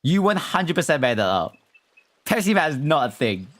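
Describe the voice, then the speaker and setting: This man's fairly high, fairly bright voice makes big pitch swings at a moderate pace. He isn't American, and he's live-streaming, reading his viewers' messages out loud and chatting with them in an easygoing, animated way.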